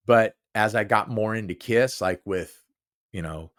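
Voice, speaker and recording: Here the sixty-something host talks alone on his podcast in a loose, rambling way, laughing softly and starting over often. His voice is on the low side, fairly bright, and a little slow.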